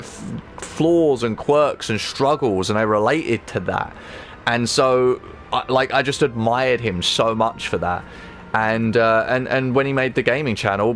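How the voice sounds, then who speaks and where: A man's voice: mid-range voice, fairly bright tone, a little hiss or hum. A man in his thirties hosting a game livestream, talking in a loose, rambling way with many restarts and tag questions. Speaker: livestream host. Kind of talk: casual chat on a game stream.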